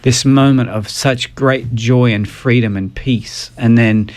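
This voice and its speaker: A man's voice: mid-range voice, steady tone, slow, a little mellow. Man, interview guest, earnest heartfelt testimony, mid-range voice. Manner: earnest, emotional storytelling. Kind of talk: personal testimony in a podcast interview.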